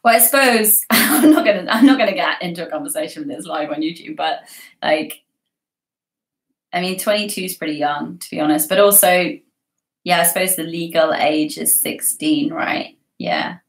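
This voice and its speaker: A woman's voice: lowish voice, moderate pace. A young woman hosting a casual livestream, chatting and giggling as she reads viewer comments. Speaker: livestream host. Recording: roomy echo.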